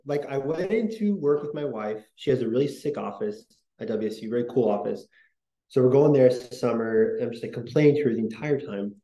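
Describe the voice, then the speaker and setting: A man's voice: medium pitch, warm tone, reverberant, poor audio. A man hosting a podcast, talking in a casual, rambling way with many fillers and restarts. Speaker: podcast host.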